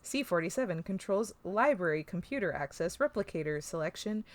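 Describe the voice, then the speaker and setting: A woman's voice: on the low side, animated, brisk. A woman co-hosting a podcast, chatting casually and recapping an episode, with lots of fillers, swearing and laughter. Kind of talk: casual chat.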